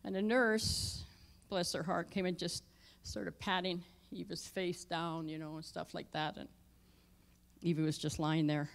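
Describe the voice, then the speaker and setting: A middle-aged woman pastor telling a personal story in a sermon, dropping her voice low for tense moments and rising loud for emphasis. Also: level tone, a little slow, vocal fry. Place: church sanctuary.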